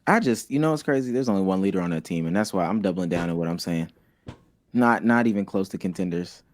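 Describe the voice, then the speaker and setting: A man's voice: sits low, animated, fast. A man co-hosting a casual sports podcast, blunt and emphatic, hammering the same point again and again. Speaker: podcast co-host.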